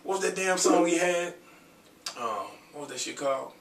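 A man's voice: a little high, animated, moderate pace, fairly bright tone, roomy sound, far from the mic. A man in his thirties, an R&B singer, chatting casually and profanely while getting over a cold. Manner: loose, profane, joking chat between sung snippets. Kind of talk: casual vlog with singing.

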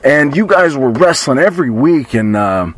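A man's voice: medium pitch, lively intonation, normal speed, no echo. A man hosting an interview show, asking questions enthusiastically and often tacking on "man". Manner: enthusiastic, says "man" a lot. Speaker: podcast host.

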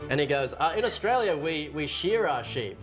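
A man telling crude jokes in casual banter. He fills his pauses with "uh" and voices the jokes' characters. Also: on the high side, sing-song, faint music behind. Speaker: joke-telling podcast co-host.

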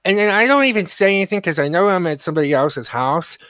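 Podcast co-host, male, high voice, profane animated storyteller, dry booth. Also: quick pace, no room sound.

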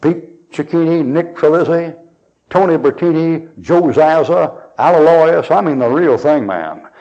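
A man's voice: fairly high pitch, measured pace, dark tone, dull audio. Man preaching in folksy storytelling style. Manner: chuckles as he tells stories and acts out the dialogue.

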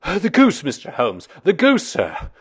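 A man reading aloud voices an excited, working-class male commissionaire who blurts out his news. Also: medium pitch, moderate pace, slightly rough. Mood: agitated. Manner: breathless, loud exclamations.

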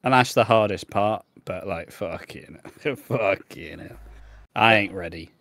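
A man's voice: lowish voice, a little slow, a bit bright, no echo. A young English man co-hosting a podcast, telling a story in casual, sweary chat with frequent laughs. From England. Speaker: podcast co-host.

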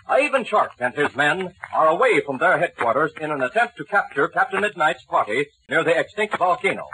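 A male radio announcer narrating a serial story in a brisk, dramatic, scripted way. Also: a little high. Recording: hissy old radio broadcast.

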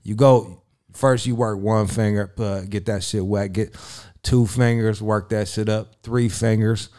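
A man's voice: on the low side, steady tone, measured pace, a little mellow. A man who works as a radio personality, telling crude stories as a guest in a profane, rambling, swaggering way. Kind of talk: crude casual storytelling.

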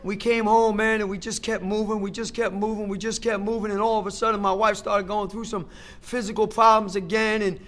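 A middle-aged man with a fairly high voice tells his recovery story at a meeting. He speaks emphatically, turns to the listeners directly, and hammers a point home by repeating phrases. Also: little pitch movement, brisk, a bit bright. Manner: talks straight to the crowd. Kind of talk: personal recovery testimony.

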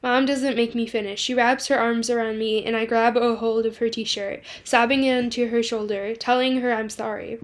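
A woman's voice: a little high, little pitch movement, normal speed, few pauses. Woman reading a novel aloud. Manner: first-person reading with small slips. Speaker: book club host.

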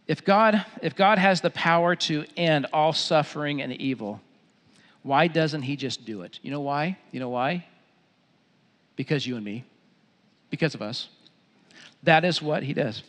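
A middle-aged man preaching a sermon as pastor in a church auditorium, telling stories in an animated way and repeating phrases. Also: medium pitch, normal speed. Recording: long hall reverb.

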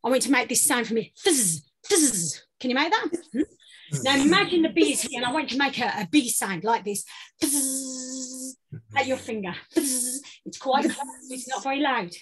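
A British woman leading a guided vocal warm-up workshop, giving playful, encouraging instructions. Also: high-pitched, quick pace, slightly rough. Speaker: voice workshop leader.

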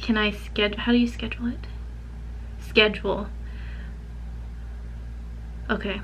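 A woman's voice: medium pitch, little pitch movement, slow, a little hiss or hum. A woman chatting casually to camera in a home vlog, filling her talk with "like". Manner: chatty, says "like" a lot. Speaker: vlogger. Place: home office.

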